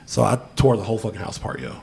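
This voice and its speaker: A man hosting a podcast, telling a story in a loose, profane, animated way and dropping "yo" constantly. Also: lowish voice, very fast, creaky, breathy edge. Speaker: podcast host. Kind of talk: casual storytelling chat.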